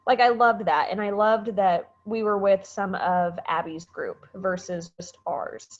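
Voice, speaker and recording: A woman's voice: medium pitch, unhurried, highs cut off. A woman sharing on a casual group video call, chatty and laughing, using "like" a lot. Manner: chatty and laughing, heavy use of "like". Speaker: team member sharing on a call.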